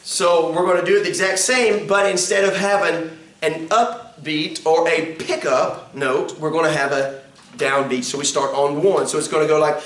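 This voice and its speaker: In a classroom, a man instructing in song leading counts out beats and sings hymn lines to show how it's done. His voice is on the high side, fairly bright, steady, and at a moderate pace. The mic sits far away, capturing an echoey room.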